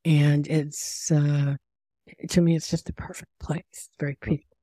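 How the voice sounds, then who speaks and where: A woman's voice: low-pitched, little pitch movement, normal speed, warm tone, no room sound, clean studio sound. An older woman from the United States, an author chatting as a podcast guest, telling anecdotes and laughing often. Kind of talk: casual conversation.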